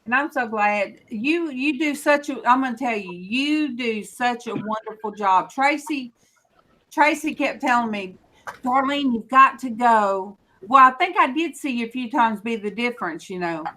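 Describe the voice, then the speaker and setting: A woman's voice: fairly high pitch, animated, normal speed, bright, forceful tone. A woman hosting a casual group chat in a folksy, chatty way. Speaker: show host.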